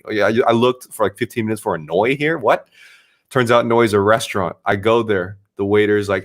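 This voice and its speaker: A man who live streams, excitedly retelling an adventure in a casual, swearing chat. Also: on the low side, a little fast.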